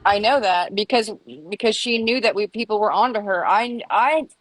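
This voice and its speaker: A woman in a casual livestream chat, telling a story with animated retorts. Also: medium pitch, moderate pace, no echo, rough recording. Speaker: live stream participant.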